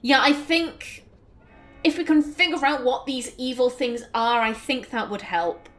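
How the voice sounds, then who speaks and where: A woman's voice: sits high, a little slow, faint music behind. A woman hosting a let's play, chatting through the game in a casual, rambling way with plenty of fillers.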